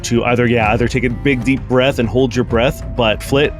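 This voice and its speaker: A man's voice: medium pitch, fairly even intonation, moderate pace, faint music behind. A man running a tabletop game as game master, narrating the action with many restarts and fillers. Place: home recording for an audio podcast.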